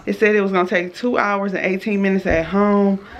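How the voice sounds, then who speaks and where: A woman's voice: medium pitch, flat delivery, brisk, lo-fi sound. A woman vlogging casually, chatting to her viewers as y'all while she runs errands, cleans up and waits in her car, talking into a handheld phone. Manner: switches to soft whispers late at night. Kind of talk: casual vlog chat. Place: at home and in stores and car.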